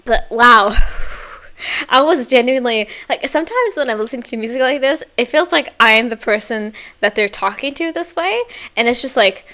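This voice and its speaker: A woman's voice: on the high side, animated, a little fast, pushed and bright. A young woman hosting a music reaction, gushing with exclamations and chatty fillers. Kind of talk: casual reaction commentary. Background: faint music playing.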